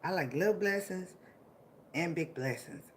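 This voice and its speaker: A woman's voice: lowish voice, normal speed, a little hiss or hum. A woman vlogger giving an emotional, motivational monologue, laughing often and swearing as she hypes up her listeners.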